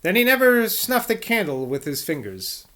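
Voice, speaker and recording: A man reading the lines of a blunt, forceful old male scholar in an audiobook, with emphatic, sardonic delivery. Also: sits high, wildly swooping pitch, normal speed, voice pushed up, exaggerated voice. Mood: dry.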